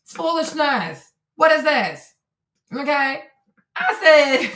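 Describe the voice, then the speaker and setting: A woman's voice: sits high, very animated, takes it slowly, a bit bright. A woman hosting a casual livestream, talking indignantly and reading her own messages aloud with heavy emphasis. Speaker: livestream host. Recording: roomy echo.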